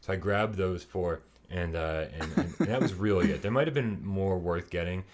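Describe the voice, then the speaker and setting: A man co-hosting a podcast, telling a story in a casual, animated way, laughing often and swearing freely. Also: deep voice, moderate pace. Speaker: podcast co-host.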